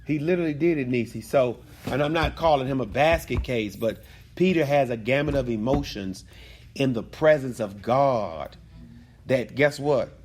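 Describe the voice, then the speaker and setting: A man teaching an evening Bible study group, animated and repetitive, calling on people by name and prompting answers. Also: medium pitch, moderate pace, a little hiss or hum. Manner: animated, repeats phrases, calls on students.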